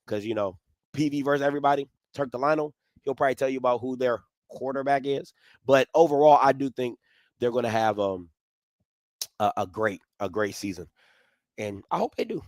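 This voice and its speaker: A man hosting a live sports talk stream, swinging from low musing to loud, animated ranting. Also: fairly quick, dry recording. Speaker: sports commentary host.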